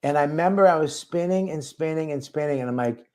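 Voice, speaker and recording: A man's voice: fairly high pitch, fast, a little mellow. A male comedian telling a self-mocking story in casual, rambling talk with crude language. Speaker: comedian guest.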